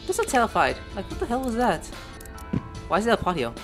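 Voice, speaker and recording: Animated man narrating a game. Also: high voice, fast. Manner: reads game text aloud and spells words letter by letter; exclaims in surprise and swears. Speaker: gameplay streamer. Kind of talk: casual let's-play commentary. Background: game music.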